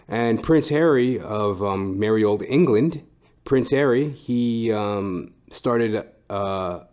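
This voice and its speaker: A podcast host talks in a rambling, casual monologue, swearing freely and padding his sentences with "like" and "um." His voice sits a little lower than most men's. He sounds loose and unscripted. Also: takes it slowly, darkish tone, clean tone. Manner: profane, rambling, heavy fillers.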